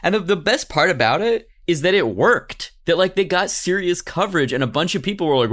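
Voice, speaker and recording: A man's voice: sits high, animated, brisk, few pauses, fairly bright tone. A man hosting a podcast, telling a story casually and animatedly, slipping into goofy voices for quotes.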